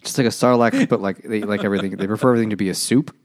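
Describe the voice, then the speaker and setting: Low-voiced man joking through a book recap. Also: very fast. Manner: crude, jokey, acts out characters while recapping. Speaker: podcast co-host. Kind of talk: casual chat.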